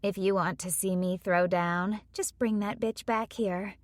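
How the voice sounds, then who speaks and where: A woman's voice: mid-range voice, steady tone, measured pace, dry recording, natural voice. A woman voicing a brash, sassy young woman.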